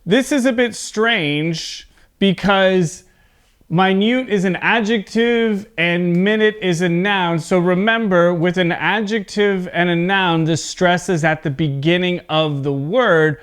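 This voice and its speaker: A man gives an English pronunciation lesson with a slightly raised pitch and very slow pacing. His voice is smooth and crisp, and he enunciates carefully, repeating each word so students can copy it. He sounds like a teacher recording a lesson for video.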